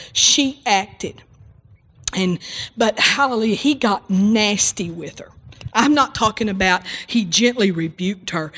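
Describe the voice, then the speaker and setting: A woman's voice: on the high side, big-room sound. A woman preaching a sermon, retelling a story and acting out the voices in it. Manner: animated storytelling, acts out voices in quotes.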